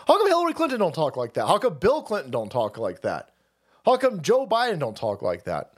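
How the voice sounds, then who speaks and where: A man's voice: on the high side, wildly swooping pitch, brisk. A man hosting a livestream, ranting about politics in a heated, profane, repetitive way. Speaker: livestream host.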